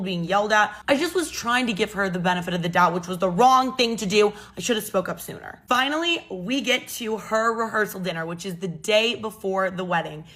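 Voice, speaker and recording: A woman's voice: mid-range voice, fairly bright tone. Chatty exasperated young woman storyteller. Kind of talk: casual storytime monologue.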